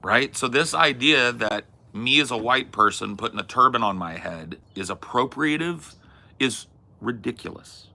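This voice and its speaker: A man's voice: medium pitch, animated, normal speed, creaky, pushed and bright. A man hosting a talk podcast, arguing his opinions emphatically with casual swearing. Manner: emphatic, swears, acts out quoted voices. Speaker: podcast host.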